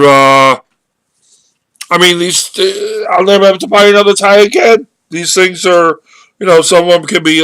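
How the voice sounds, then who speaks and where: Through a webcam microphone with no room sound, a man with a fairly high, slightly bright voice tells a story in a casual, rambling way. He stops and restarts his sentences a lot while drawing a marketing lesson from the tale.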